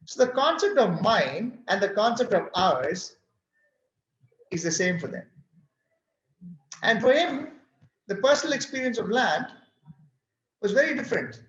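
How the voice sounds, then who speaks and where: A man's voice: sits high, unhurried, long pauses. A man from India with an Indian English accent, speaking at a workshop and telling stories animatedly while acting out the dialogue. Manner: animated storyteller who acts out dialogue. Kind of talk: storytelling talk. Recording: roomy, dull-sounding recording.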